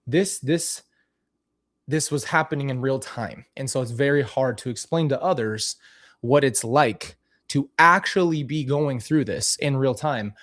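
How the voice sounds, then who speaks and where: Male vlogger, mid pitch, candid and animated, talks straight to camera with restarts; casual commentary. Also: a little slow. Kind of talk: casual commentary on old clips.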